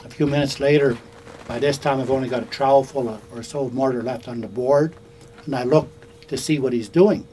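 A man's voice: medium pitch, fairly even intonation, fairly quick, mellow, low-quality recording. Older canadian guy telling a story, casual and rambling, bit of hiss. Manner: conversational, folksy, with fillers and restarts. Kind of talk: oral storytelling to a small audience. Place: indoors in a bookstore.

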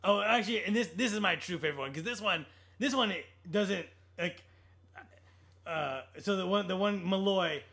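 A man's voice: high voice, normal speed. A man co-hosting a podcast, casually reviewing a film with sarcastic asides, swearing and quoting lines. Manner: animated, sarcastic, quotes movie lines; swears casually, lots of restarts. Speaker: podcast co-host.

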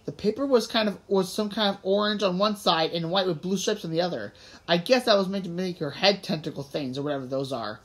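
A woman's voice: lowish voice, a little fast. A woman reading a children's audiobook aloud in a casual, conversational way. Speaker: audiobook reader. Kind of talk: audiobook narration.

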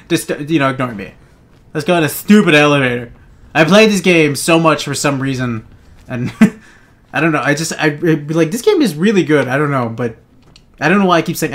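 Young dude rambling through a let's play, cracking jokes n swearing, kinda high voice. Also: male voice, animated, brisk, a bit bright. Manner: rambling, joking, swears, laughs at own jokes. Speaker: gaming channel host.

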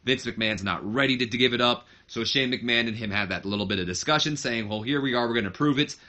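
Casual male let's-play narrator; bright tone, rambling, self-correcting. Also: medium pitch, quick pace. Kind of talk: casual game commentary.

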